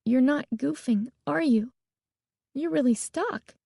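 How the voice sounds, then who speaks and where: Woman voicing a brisk, teasing young girl, raised pitch, storybook reading. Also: gravelly, mellow, no echo, clean studio sound, exaggerated voice. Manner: brisk, a bit sarcastic.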